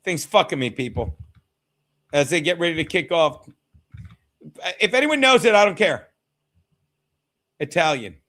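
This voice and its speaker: A man with a fairly high voice hosts a casual live stream of a football game. He talks straight to his chat, laughing, swearing and now and then yelling at a viewer. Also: expressive, measured pace, long pauses. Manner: loud, swears freely, shouts at chat, laughs often.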